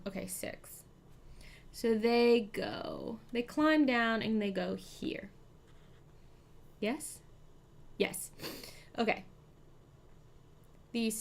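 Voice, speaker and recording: A woman hosting a live board game stream, chatting, thinking aloud about her moves and thanking her chat. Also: mid-range voice. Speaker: streamer host.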